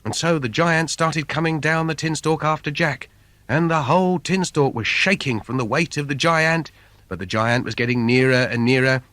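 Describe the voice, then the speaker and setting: A man's voice: a little high, normal speed, fairly bright tone, no room sound. A man reading a comic fairy tale for children in a playful, sing-song storyteller manner. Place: recording studio. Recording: dry studio recording.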